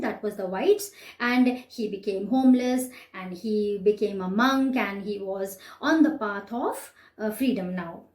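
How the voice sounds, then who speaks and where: A woman with an Indian English accent and a fairly high, darkish voice teaches a class, patiently explaining exercises and frequently checking in with "right?". The room is echoey, and she sounds slightly distant from the mic.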